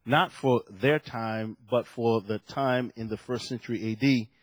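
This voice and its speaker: A man's voice: mid-range voice, fairly even intonation, unhurried, no room sound. A man preaching a sermon at a lectern to a congregation, telling stories with animation and acting out the voices in his quotes.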